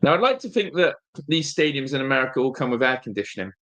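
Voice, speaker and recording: A man's voice: medium pitch, fast talker. A man hosting a live fan stream, chatting casually and reading out the chat. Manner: rambling, animated, reads chat aloud. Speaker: fan channel host.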